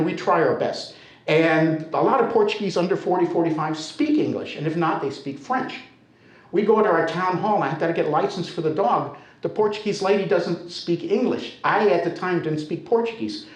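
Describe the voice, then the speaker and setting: A man's voice: a little high, moderate pace. An older American man telling a humorous personal story to a live audience in a storytelling center, speaking conversationally. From United States. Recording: echoey hall.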